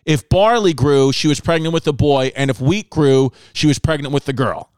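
A man hosting a comedy podcast, riffing crudely and loudly with lots of swearing and sudden put-on voices for others. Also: a little high, moderate pace, clean tone, dry recording. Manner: loud, brash, swears a lot, animated voices for others.

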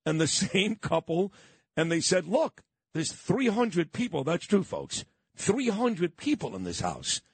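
Brooklyn radio guy, middle-aged, raspy and lively, swapping old stories. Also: sits high, measured pace, no room sound. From Brooklyn, New York. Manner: nostalgic, storytelling. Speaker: radio host. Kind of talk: casual radio chat.

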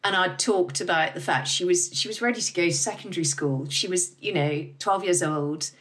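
A middle-aged woman, a business founder guesting on an interview, talking candidly and lively and swearing freely. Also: on the low side, moderate pace. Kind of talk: casual interview talk.

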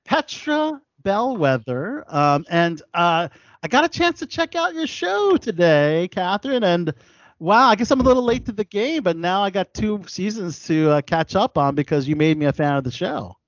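A man's voice: high voice, very animated, moderate pace, no room sound, muffled recording. An American man hosting a casual interview show, talking with many fillers and restarts. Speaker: podcast host.

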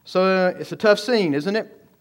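A man preaching an expository sermon, emphatic and full of rhetorical questions, slowing down and speeding up. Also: high-pitched. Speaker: pastor.

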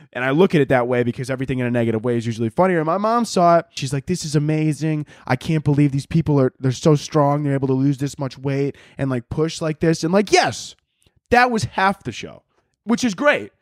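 A young man rants on his podcast in a casual, comedic monologue. His voice sits a little high, and he breaks into laughter and swears as he mocks people in quoted voices. The sound is dry and close. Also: dry recording. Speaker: podcast host.

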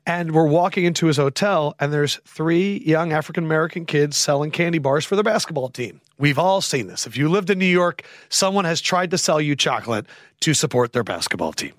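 A man in his thirties hosting a podcast, telling stories in a casual, animated way, acting out quoted voices and swearing freely. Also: a little high, fairly quick, no echo, studio quality. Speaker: podcast host. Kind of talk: casual storytelling chat.

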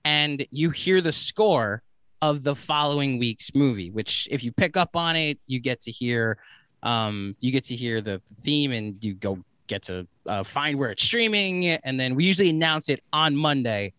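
A man guesting on a podcast, talking in a bright, forceful voice. He rambles enthusiastically, with plenty of filler words. His sound is dry and close. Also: medium pitch, animated, moderate pace, clear, resonant tone, no room sound. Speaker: guest, movie podcast host. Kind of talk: casual podcast chat.

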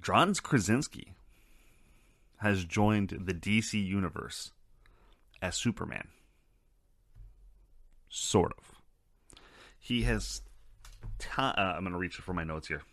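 A man's voice: low voice, expressive, slow, long pauses, fairly bright tone, no echo. A man hosting a casual podcast chat, swearing freely and wandering into rambling asides. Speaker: podcast host.

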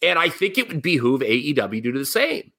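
A middle-aged man co-hosting a casual podcast, his pitch swooping widely as he makes his points. His voice has a bright, forward edge, and he drops in jokey asides between opinions. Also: very animated, fairly quick, creaky. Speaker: podcast co-host. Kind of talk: casual wrestling talk.

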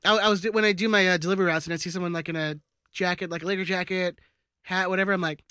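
A man's voice: high voice, fairly even intonation, rapid-fire, bright, forceful tone, clean tone, dry recording, clean studio sound. A man co-hosting a podcast, laid-back and joking in casual chat. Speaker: podcast co-host.

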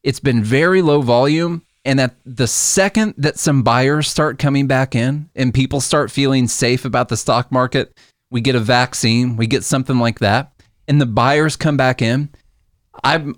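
A man's voice: mid-range voice, moderate pace, dry recording. Man explaining the markets in a dry voice. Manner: explanatory, uses everyday comparisons. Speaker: co-host explaining the stock market. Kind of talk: casual podcast chat.

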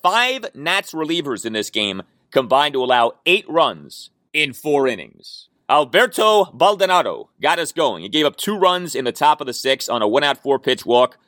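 A man's voice: on the high side, sing-song, normal speed, few pauses, pushed and bright, dry recording. A man hosting a sports talk podcast, giving an opinionated, stats-heavy rundown of a baseball game from a studio microphone. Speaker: podcast host.

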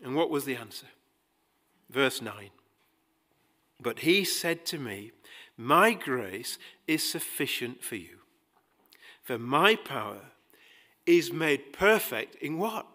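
A man preaching a sermon, emphatic, rising to loud pleading passages and dropping quiet again. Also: medium pitch, very animated, slow pace, long pauses. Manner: acts out quoted dialogue with dry humor.

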